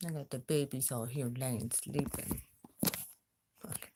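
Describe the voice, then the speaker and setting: A woman's voice: very deep voice, steady tone, slow, heavy background noise. A woman hosting a casual livestream chat, drawling and taunting as she dares her viewers to speak up. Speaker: YouTube livestream host.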